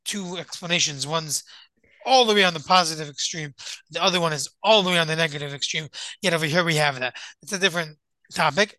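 A man's voice: fairly high pitch, sharp tone, dry recording, poor audio. A man, a rabbi, teaching a Torah class. He poses his own questions and answers them, reading a Hebrew verse and then translating it.

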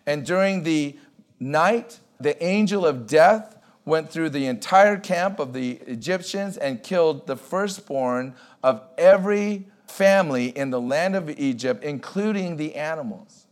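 A male pastor preaching a sermon in an emphatic way, repeating key words and slowing down to stress them. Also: a little high, animated.

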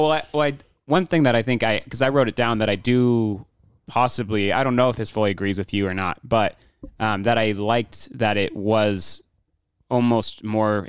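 A man with a lowish, smooth, clear voice talks through a war film in a loose, rambling way. He circles back on himself with fillers and false starts. The sound is dry and close. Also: no room sound. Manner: rambling, many fillers and restarts. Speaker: podcast co-host. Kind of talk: casual movie discussion.

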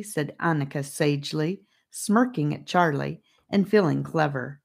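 A woman's voice: low-pitched, measured pace, gravelly, hardly any pauses. A woman narrating a storybook, reading aloud and addressing the listener. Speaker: audiobook narrator.

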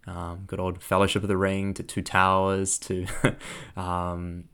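A young man telling a personal story in a reflective way, laughing often and filling pauses with lots of ums. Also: low voice, completely flat delivery, creaky, a bit bright, clear, resonant tone.

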